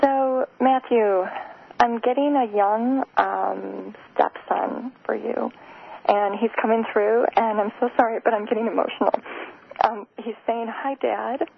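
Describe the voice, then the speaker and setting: A woman with a fairly high voice hosts a call-in psychic reading show on the radio. She talks softly and hesitantly, with plenty of ums, and gets emotional along the way. The sound is tinny and phone-like, with faint noise underneath. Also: fairly even intonation, unhurried, vocal fry. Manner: hesitant, many fillers, soft and emotional.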